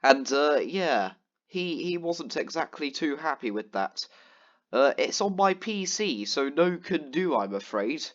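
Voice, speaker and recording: A man's voice: a little high, very animated, unhurried, highs cut off. A man telling a long, exasperated story about a gaming friend, with lots of ums and restarts. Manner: rambling, exasperated storytelling with many fillers. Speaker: gaming vlogger. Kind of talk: casual ranting commentary over gameplay.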